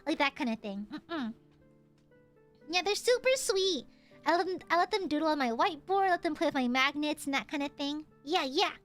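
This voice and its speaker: Lively, high-pitched young woman streamer. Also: normal speed, soft background music. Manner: animated, swears often, lively storytelling. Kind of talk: casual chat with viewers.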